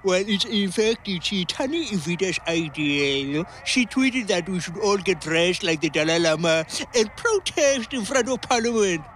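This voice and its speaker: A man's voice: high voice, animated, moderate pace, few pauses, a bit bright, slight background noise, low-quality recording. A man impersonating an elderly archbishop in his late seventies, cheeky and stubborn as he bickers with an old friend.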